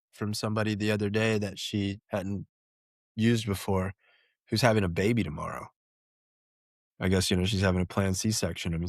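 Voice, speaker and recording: Lower-voiced man telling anecdotes, dry sound. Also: no room sound. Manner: lively anecdote-telling, acting out quoted dialogue. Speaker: podcast co-host. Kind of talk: casual podcast conversation.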